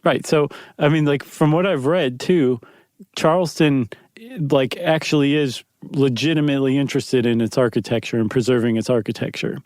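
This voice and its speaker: A man's voice: medium pitch, normal speed, darkish tone, no room sound, studio quality. A man co-hosting a podcast in casual, jokey chat, acting out quotes in little put-on voices. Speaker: podcast co-host.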